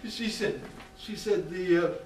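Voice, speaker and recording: Man delivering a halting stage monologue. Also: high voice, a little hiss or hum. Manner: halting, confessional storytelling. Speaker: stage actor playing a death row inmate. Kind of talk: theatrical monologue. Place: small theatre stage. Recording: roomy theatre sound from a distant mic.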